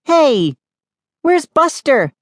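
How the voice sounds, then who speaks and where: A narrator voicing a prim, bossy older sister who whines and snaps. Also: male voice, very high voice, expressive, a little slow, dry recording, studio quality, voice pushed up. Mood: calling. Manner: whiny, snapping.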